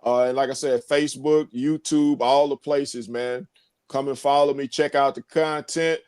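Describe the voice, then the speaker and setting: A friendly man guests on a sports talk show, chatting casually and saying "man" and "y'all" often. His voice sits at a middle pitch, recorded dry and close. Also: steady tone, normal speed, darkish tone, clear, resonant tone, no echo. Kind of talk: casual interview chat.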